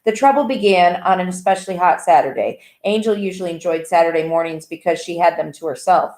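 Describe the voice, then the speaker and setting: A woman reading a novel aloud in an even, plain way with small slips. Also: fairly low pitch, quick pace. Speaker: audiobook reader. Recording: echoey room.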